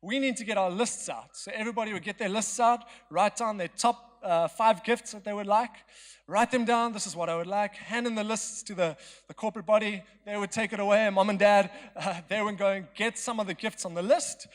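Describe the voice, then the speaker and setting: A man's voice: high voice, steady tone, a little fast. A young man preaching a storytelling sermon in a chatty, joking, self-mocking way in a church hall. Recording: long hall reverb.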